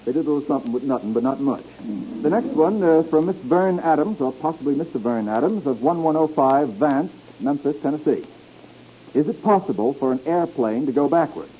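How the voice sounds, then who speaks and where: A man's voice: a little high, expressive, a little fast. A man hosting a 1930s radio quiz show, teasing the panel with wisecracks. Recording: dull old radio recording with faint hiss.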